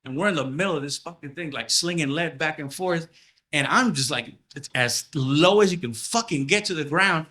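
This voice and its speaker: Animated man doing stand-up at a party. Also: on the high side, moderate pace. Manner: animated, acts out voices in stories. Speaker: stand-up comedian. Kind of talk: stand-up comedy set. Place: house party crowd.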